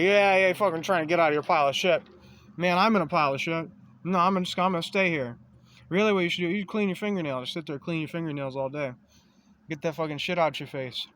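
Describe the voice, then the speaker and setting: A man's voice: high-pitched, slight background noise. A man in a casual, rambling monologue, swearing freely and meandering through a running metaphor with self-aware asides.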